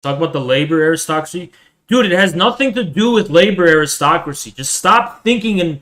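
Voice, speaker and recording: A man's voice: a little high, animated, a little fast, a bit bright. A man in his twenties streaming live, ranting at viewers in a profane, hectoring way and repeating himself. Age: 20s. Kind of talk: angry livestream rant.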